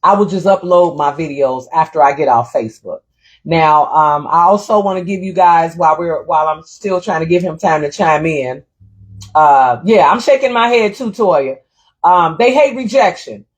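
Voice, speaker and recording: A woman's voice: deep voice, normal speed. Chatty middle-aged woman livestreaming. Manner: chatty storytelling, reads viewer comments aloud; animated, indignant. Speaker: livestream host. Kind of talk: casual livestream chat.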